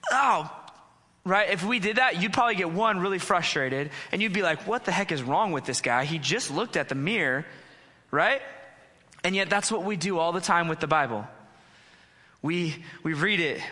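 A young man preaching from a stage, with a slightly high, bright and forceful voice. He talks in an earnest, conversational way and pokes fun at himself as he tells stories. The sound carries a long hall reverb. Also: moderate pace. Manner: conversational, earnest, self-deprecating storytelling. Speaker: pastor. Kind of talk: sermon.

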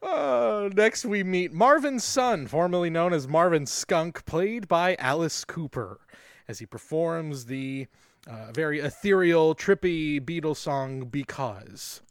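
A man's voice: fairly high pitch, animated, slow, no room sound, studio quality. A young man co-hosting a podcast, recapping a movie in casual, sarcastic chat and swearing now and then. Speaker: podcast co-host.

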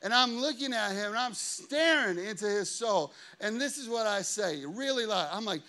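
A man in his thirties preaching a sermon, telling a story with lively acted-out quotes and confessional asides. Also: very high voice, normal speed, hardly any pauses. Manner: animated storytelling, acting out quotes. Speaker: pastor.

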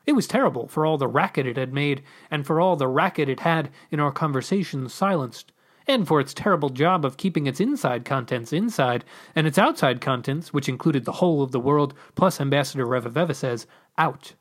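A podcast host narrating a whimsical story aloud, with a lively, animated pitch. The reading is expressive and playful, rising and falling through long sentences. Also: brisk.

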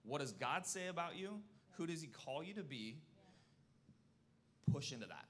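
A man's voice: a little high, lively intonation, normal speed. A man in his thirties giving a personal testimony at church, earnest and folksy, often checking in with "okay?" and fighting back tears. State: emotional, close to tears. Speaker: church speaker.

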